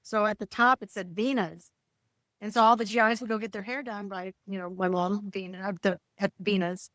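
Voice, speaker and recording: A woman's voice: medium pitch, fairly even intonation, a little fast, a bit bright, no echo. Woman comedian telling family stories. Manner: storytelling, mimics family voices, laughs often. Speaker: comedian guest. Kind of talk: casual podcast chat.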